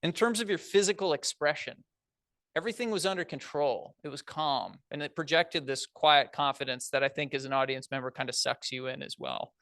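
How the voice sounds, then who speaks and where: A man's voice: on the high side, fairly quick, a bit bright, dry recording. Upbeat man giving a friendly speech evaluation. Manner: encouraging, conversational, plain-spoken. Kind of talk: spoken speech evaluation to an audience. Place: large meeting room.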